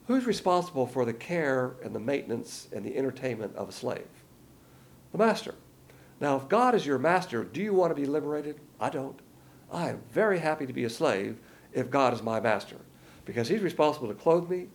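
Gravelly man teaching the Bible. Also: mid-range voice, a little mellow. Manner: folksy, rambling, with many fillers.

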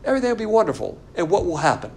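A man teaching a Bible class in a room, lecturing in a sarcastic, animated and argumentative way. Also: high voice, very fast, creaky, a little hiss or hum.

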